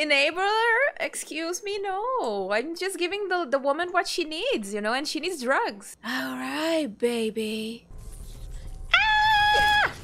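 A young woman commenting on her gameplay, excitable and quick to exclaim and burst out laughing. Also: high-pitched. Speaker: streamer playing a video game.

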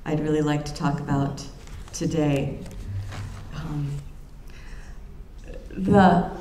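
A woman giving an academic lecture in an earnest, reflective way, often pausing and restarting her phrases. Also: low voice, steady tone, warm tone, slight background noise. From United States. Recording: roomy lecture room with faint ambience.

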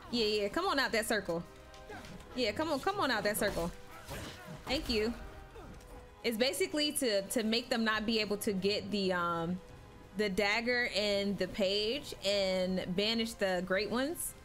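A woman streaming live gameplay, with loud, excitable banter full of swearing. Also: mid-range voice, measured pace, soft background music.

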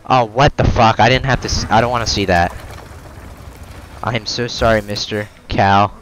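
A man's voice: on the low side, steady tone, normal speed, a bit bright, a little hiss or hum, poor audio. A man commentating his horror game playthrough, swearing and joking at the screen, yelping when something jumps out. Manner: profane, jokey, reactive, yelps when startled. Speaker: gamer.

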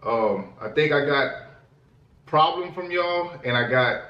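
Slow-talking excited male vlogger. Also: on the high side, muffled recording. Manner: excited, laughing, repetitive hype talk. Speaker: host reacting to music. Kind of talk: casual reaction vlog. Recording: echoey room, distant mic.

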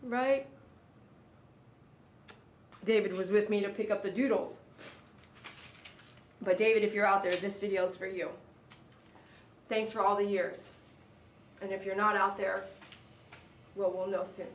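During a live stream from her shop, a woman grooms a dog and chats emotionally with viewers, talking in a flat way at normal speed with long pauses. For the dogs she uses a high, coaxing voice. The sound is echoey, faintly noisy, and distantly miked.

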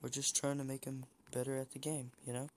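A man's voice: medium pitch, flat delivery, a little fast, a little hiss or hum. A young man giving casual, chatty commentary while playing a shooter game, teasing the other players. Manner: chatty, teasing opponents, frequent restarts. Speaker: gameplay streamer.

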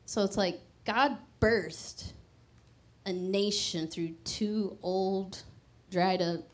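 A woman's voice: medium pitch, fairly even intonation, extremely slow. A young adult woman preaching a sermon in a casual, conversational way, often laughing and stressing words playfully. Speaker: pastor.

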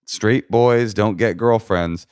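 A man's voice: fairly low pitch, takes it slowly, a little mellow, smooth, no room sound, clean studio sound. A man co-hosting a comedy podcast, giving advice in a jokey, playful way and slipping into silly voices. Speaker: podcast co-host. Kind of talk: casual comedic advice chat.

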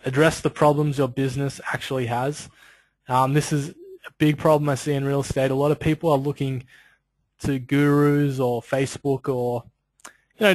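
This webinar instructor speaks in a medium-pitched, slightly mellow voice, captured with no room sound but poor audio quality. He keeps things casual and wandering, dropping in asides and leaning on "you know" and "like."

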